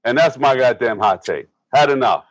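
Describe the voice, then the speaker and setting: A man's voice: medium pitch, lively intonation, moderate pace, dry recording, low-quality recording. A man in his forties co-hosting a sports podcast, ranting in an angry, profane, emphatic way. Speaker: podcast co-host. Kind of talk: heated sports podcast rant.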